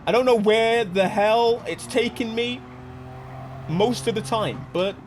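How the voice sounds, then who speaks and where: High-voiced excitable man commenting on racing. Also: takes it slowly, faint music behind. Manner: excitable, jokey, laughs often. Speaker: gaming channel host.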